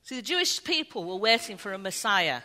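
A woman preaching a sermon, telling the story in an animated way and acting out the voices of the people in it. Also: medium pitch, brisk. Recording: long hall reverb.

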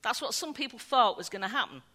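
A woman preaching a sermon, telling the story in an animated way and acting out the voices of the people in it. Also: fairly high pitch, fast. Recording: long hall reverb.

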